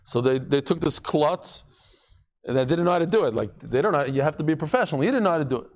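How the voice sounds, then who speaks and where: Lively, high-pitched male Talmud teacher, playing out stories in class. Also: quick pace. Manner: animated, acts out quotes with shifting voices and jokes.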